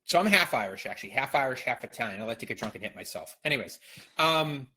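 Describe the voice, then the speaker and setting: Middle-aged man, podcast co-host, quick talker, bright forceful voice, opinionated casual chat. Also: mid-range voice. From Boston area. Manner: opinionated, animated storytelling.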